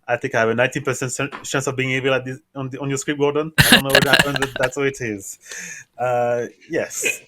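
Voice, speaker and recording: A man playing a streamed game, talking haltingly and restarting often. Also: medium pitch, bright, forceful tone, slight background noise. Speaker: game player. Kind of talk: casual chat during a game.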